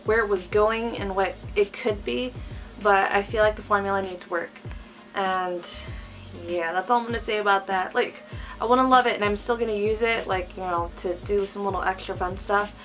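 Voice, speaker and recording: A woman's voice: medium pitch, steady tone, normal speed, fairly bright tone, soft background music. A woman with a lisp giving a chatty, gushing makeup review as a vlogger, talking casually with lots of fillers. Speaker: beauty vlogger.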